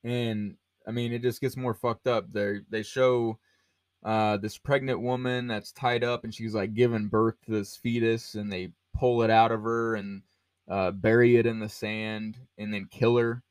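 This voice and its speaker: A man hosting a podcast speaks about a film in a lowish, smooth voice with a level tone and a slightly slow pace, recorded dry. His casual delivery rambles, full of fillers and restarted phrases.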